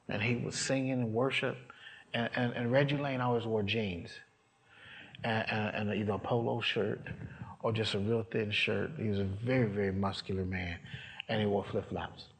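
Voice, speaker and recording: A man's voice: fairly low pitch, fairly even intonation, moderate pace, creaky, long pauses. A man preaching, telling a story from his own life and acting out the voices of the people in it. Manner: storytelling, acts out voices, rising to shouts. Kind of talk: sermon testimony.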